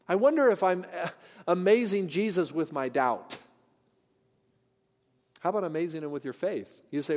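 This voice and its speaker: A high-pitched man preaches to his congregation with earnest, searching questions. His voice swings from loud declarations to hushed asides. A long church reverb trails every phrase. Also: animated, normal speed. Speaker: pastor. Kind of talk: sermon. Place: church sanctuary.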